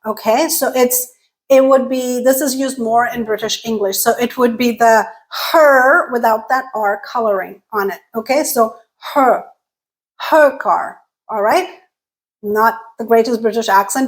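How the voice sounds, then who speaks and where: A woman's voice: fairly high pitch, rough recording. A woman teaching English pronunciation in a patient, explanatory way. She models each sound and its example words, and often checks in with "okay?". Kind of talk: slow explanatory lesson.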